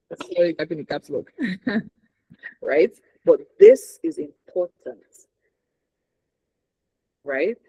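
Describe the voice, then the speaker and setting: A male communication trainer with a Nigerian accent runs a workshop, speaking emphatically and often checking in with a "right?". His voice is high, a little mellow and husky, and the recording is rough.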